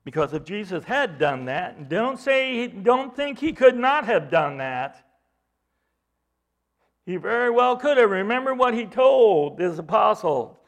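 A man's voice: sits high, very animated, unhurried. A man preaching an expository sermon, emphatic, acting out mocking voices as he reads.

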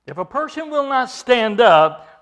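A man's voice: extremely high pitch, big pitch swings, a little slow, fairly bright tone, clear, resonant tone. A man preaching an expository sermon, explaining scripture verse by verse with emphatic delivery.

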